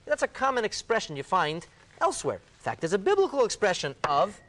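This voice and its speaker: A man, a rabbi, explaining a Talmud passage in a discussion, emphatic and animated, acting out the quoted dialogue. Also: high-pitched, a little fast.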